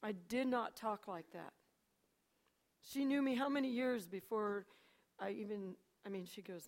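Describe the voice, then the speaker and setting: An older woman telling her personal testimony to a church audience, swinging between hushed asides and loud, animated storytelling. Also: medium pitch, measured pace. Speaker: church speaker.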